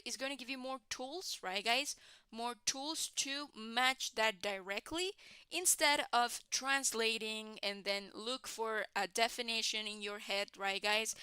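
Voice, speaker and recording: Bright, crisp-voiced woman teaching English. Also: fairly high pitch, dry recording. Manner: constant "right, guys?" and "okay, guys?" tags; encouraging, explains patiently, repeats key words. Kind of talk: online class teaching.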